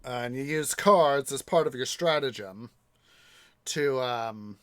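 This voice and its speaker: Young male gamer host, slow drawl, casual rambling commentary. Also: mid-range voice, a bit bright. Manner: rambling, hesitant, many fillers. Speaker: gaming channel host.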